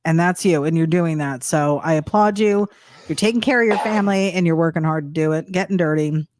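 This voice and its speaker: A woman's voice: low voice, a little fast, noisy background. A woman co-hosting a casual live stream from home, chatting playfully, laughing often and reading viewer comments aloud. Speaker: co-host of a live art stream.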